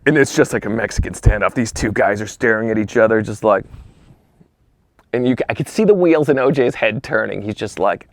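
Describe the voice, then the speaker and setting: Guy telling a story on a podcast, gravelly voice, does the voices, goes whispery sometimes, dry sound. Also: on the low side, brisk, no echo. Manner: acts out quoted voices, drops to whispers. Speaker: podcast guest. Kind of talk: animated storytelling.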